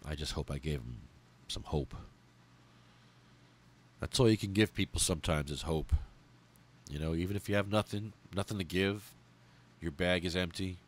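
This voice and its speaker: Deep-voiced guy hosting a podcast, gets choked up and swears a lot, halting pauses. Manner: heartfelt, angry and profane, with halting pauses. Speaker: podcast host. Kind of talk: emotional monologue reading a memorial list.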